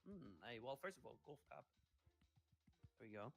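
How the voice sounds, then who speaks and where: A man's voice: mid-range voice, expressive, moderate pace, vocal fry, fairly bright tone, husky, soft background music. A man hosting a livestream in casual chat, upbeat and playful as he reads out viewer comments and hypes the audience. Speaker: livestream host reading chat.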